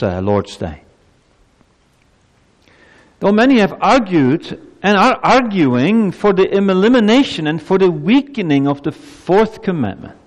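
Man preaching in an echoing church. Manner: preaching with lively pitch swings and emphatic rhetorical questions. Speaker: pastor. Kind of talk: sermon.

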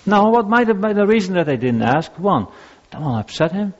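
Older man, pastor, anecdotal sermon delivery, slightly high voice, muffled lo-fi sound. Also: big pitch swings, brisk, a little mellow. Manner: conversational, anecdotal, with frequent restarts. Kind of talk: sermon on grief and listening. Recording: dull lo-fi recording.

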